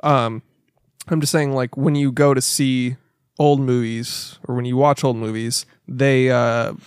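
A man's voice: mid-range voice, flat delivery, measured pace, smooth, no echo, studio quality. A man co-hosting a podcast, chatting casually about movies with lots of fillers and swearing. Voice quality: profane, rambling, many fillers. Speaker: podcast co-host.

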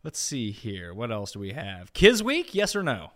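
Lively, bright-voiced man hosting. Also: medium pitch, normal speed. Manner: animated, bursts into shouting when riled. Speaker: podcast co-host. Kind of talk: casual sports chat.

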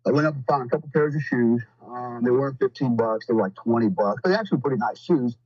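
A man's voice: mid-range voice, fast talker, husky, dry recording, dull audio. A man talking as a podcast guest, telling stories in a blunt, profane, rambling way with lots of fillers. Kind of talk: casual storytelling.

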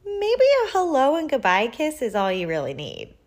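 A woman voicing a calm, gentle mother. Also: on the high side, moderate pace, voice pushed up, exaggerated voice. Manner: gentle, reasonable.

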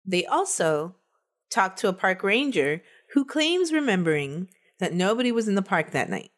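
Woman podcaster walking through a crime story, chatty, mid-pitched, loose and casual. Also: sing-song, normal speed. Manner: chatty, laughs between facts. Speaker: podcast co-host telling the case.

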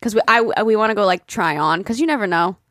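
A woman's voice: medium pitch, quick pace, a bit bright, dry recording, studio quality. A young woman co-hosting a podcast in casual chat, talking in a chatty, filler-heavy way with lots of "like" and casual swearing. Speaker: podcast co-host.

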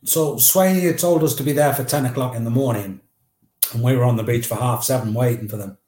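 A man in his fifties with a Northeast English accent, telling lively anecdotes as an interview guest and acting out the quotes. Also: medium pitch, a little fast, roomy sound. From Northeast England. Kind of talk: storytelling in an interview.

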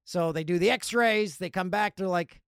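A man hosting a podcast, telling stories in a casual, animated way and acting out other people's lines. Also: sits high, moderate pace, clean tone, no echo, studio quality. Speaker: podcast host. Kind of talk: casual storytelling.

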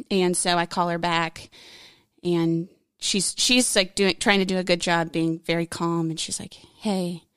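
Woman guest with a low voice, candid and emotional, speaking in a dry, close recording. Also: steady tone, a little slow, fairly bright tone, smooth, no room sound. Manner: frank, candid, rambling with fillers. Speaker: podcast guest. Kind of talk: personal storytelling in conversation.

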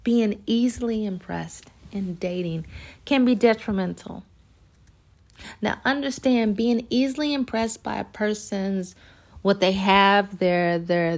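A woman's voice: medium pitch, vocal fry. A woman hosting a podcast, talking casually and animatedly about dating and acting out little everyday scenes as she goes. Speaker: podcast host. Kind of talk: casual podcast monologue giving dating advice.

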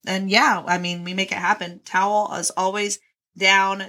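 Young woman co-host, crisp bright tone, blunt and profane, casual chat. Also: mid-range voice, level tone, normal speed. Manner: profane, blunt, laughing often.

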